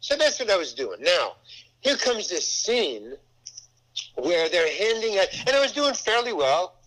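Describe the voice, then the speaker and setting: Animated older man rambling through a story. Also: high voice, a little slow, low-quality recording. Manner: rambling, animated, acts out voices in his story. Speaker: actor telling a set story. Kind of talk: casual anecdote in conversation.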